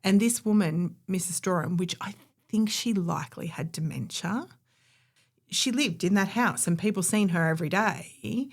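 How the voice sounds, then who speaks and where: A woman's voice: lowish voice, moderate pace. A woman, co-hosting a podcast and telling a history story in a chatty, opinionated way. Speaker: podcast co-host. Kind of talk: casual storytelling chat.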